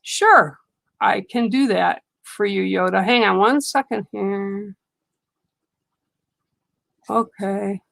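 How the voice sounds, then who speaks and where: An older woman talks in a chatty, reassuring way as she answers her viewers one by one. Her voice has a gravelly, creaky edge at a middling pitch. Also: slow pace, pauses often, a bit bright. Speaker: livestream reader. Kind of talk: casual livestream talk with viewers.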